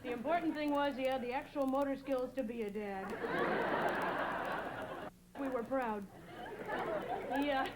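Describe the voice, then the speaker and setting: A young woman from New England doing a deadpan stand-up set, hesitating with many "uh"s. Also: high voice. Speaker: stand-up comedian. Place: TV studio stage before a live audience. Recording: loud audience laughter and noise.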